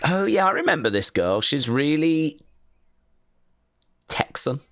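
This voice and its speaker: A man hosting a live watch-along stream, chatting in a rambling, excitable way and reading viewer comments aloud. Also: on the high side, slow, no room sound, studio quality.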